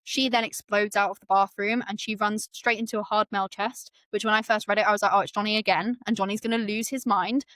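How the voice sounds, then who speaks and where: A woman's voice: medium pitch, steady tone, quick pace, few pauses, a bit bright, no echo. A woman hosting a book podcast, retelling the story in casual chat and acting out the quotes with many fillers.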